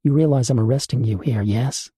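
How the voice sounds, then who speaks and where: A man voicing a tough female police detective in a storybook reading, clipped and tense, with a mellow voice. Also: mid-range voice, fairly quick, husky, no echo, clean studio sound, lightly acted.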